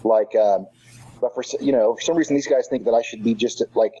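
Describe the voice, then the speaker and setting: A man in casual podcast chat, halting and filler-heavy as he thinks aloud, on dull lo-fi audio. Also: medium pitch, dark tone, slightly rough.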